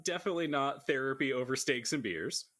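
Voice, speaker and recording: A man's voice: mid-range voice, animated, brisk, fairly bright tone. A man narrating a tabletop role-playing game as game master, with wry joking asides.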